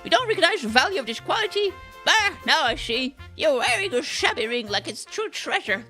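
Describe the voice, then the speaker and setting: A woman voicing a gruff, greedy old male pawnbroker who mocks his customers and tags lines with "eh" while reading a game's story aloud. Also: high voice, sing-song, sharp tone, faint music behind, pitched above the performer's own voice, full character voice. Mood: scornful. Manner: gruff, mocking, drawn-out "eh".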